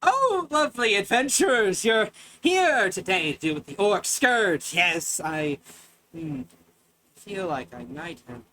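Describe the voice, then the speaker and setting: A man voicing a mad undead male archmage who once ruled his people, stammering and repeating himself, then lurching into shouts. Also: high-pitched, big pitch swings, slow, slight background noise, exaggerated voice. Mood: cheery, deluded. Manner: frantic stammering, swings to shouting.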